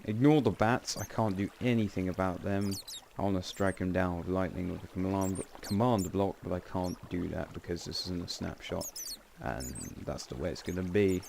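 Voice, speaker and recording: Low-voiced guy with a gravelly edge, chatting loosely through a game, keeps correcting himself. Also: fairly even intonation, moderate pace, few pauses, a little mellow, a little hiss or hum. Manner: rambling, self-correcting, wry asides. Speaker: game channel host. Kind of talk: casual gameplay commentary.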